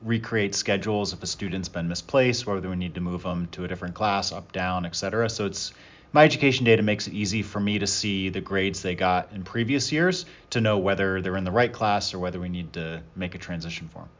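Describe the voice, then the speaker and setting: A man co-hosting a school podcast as a teacher, relaxed and a little teasing. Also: low-pitched, a little fast. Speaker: teacher, co-host. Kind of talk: casual podcast chat. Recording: dull lo-fi sound.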